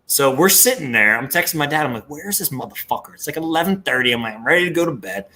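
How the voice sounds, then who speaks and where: Philly guy on a podcast, bright voice, bounces all over while he tells a story, swears a lot. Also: on the high side, quick pace. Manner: animated storytelling, swearing freely. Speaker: podcast host. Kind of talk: casual podcast chat.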